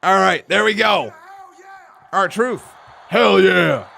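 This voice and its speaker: A man hosting a live watch-along stream, giving animated, joking reactions and commentary. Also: high-pitched, takes it slowly, creaky, raised voice. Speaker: host.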